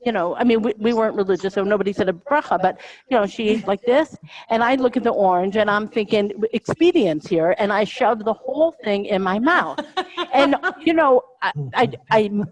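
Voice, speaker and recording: A woman's voice: medium pitch, brisk, poor audio. A middle-aged American woman comedian telling stories in a casual interview, rambling and self-interrupting, laughing often. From United States. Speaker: comedian guest.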